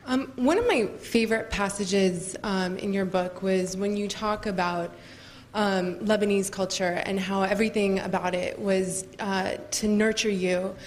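A woman's voice: medium pitch, measured pace, slight background noise. Hesitant woman asking a question. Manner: hesitant, many ums. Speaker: audience member asking a question. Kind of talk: audience question.

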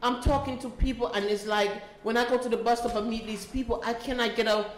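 A woman's voice: a little high, fairly even intonation, brisk. Emotional woman pleading in an echoey hall. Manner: emotional, pleading, repeats herself. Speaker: volunteer speaking at a community meeting. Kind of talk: impassioned personal testimony. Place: meeting room. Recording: echoey meeting room.

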